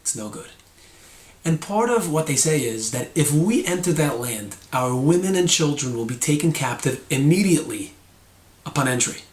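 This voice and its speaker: A man's voice: mid-range voice, expressive, moderate pace, reverberant. A man teaching a short Torah lesson, explaining and acting out tones of voice.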